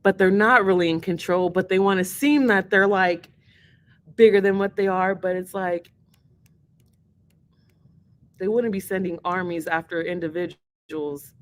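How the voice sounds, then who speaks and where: A woman's voice: on the low side, steady tone, a little slow, long pauses, no room sound. A woman hosting a livestream and taking song requests, talking in a rambling, earnest way and swearing freely. She is emotional and teary-eyed. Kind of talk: casual livestream chat.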